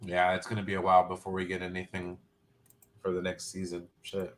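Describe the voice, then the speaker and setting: Low-voiced man in relaxed chat. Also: brisk, slight background noise. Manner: relaxed, hesitant with fillers. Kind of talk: casual spoiler chat.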